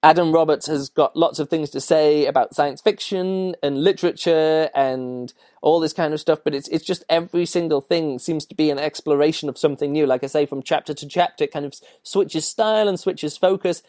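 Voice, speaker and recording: A man's voice: on the high side, brisk, a little mellow, dry recording, studio quality. A man hosting a podcast, casually reviewing a book in a rambling way with many fillers and restarts. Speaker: podcast host.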